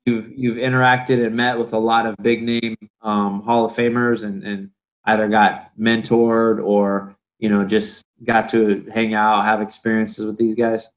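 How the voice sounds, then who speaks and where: A man's voice: lowish voice, little pitch movement, a little slow, low-quality recording. A man hosting a podcast, asking questions in hesitant casual chat with many fillers. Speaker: podcast host.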